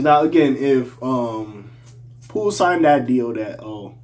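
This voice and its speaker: A young man giving casual hip-hop opinion commentary, animated, jumping between loud outbursts and mumbled asides, with a slight accent. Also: medium pitch, unhurried. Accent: slight regional accent.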